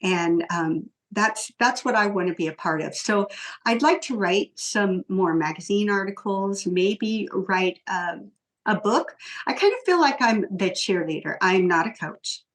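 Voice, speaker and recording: A woman's voice: medium pitch, animated, unhurried, rough recording. A woman in her sixties, a podcast guest talking earnestly in casual conversation, with many ums and restarts. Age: 60s.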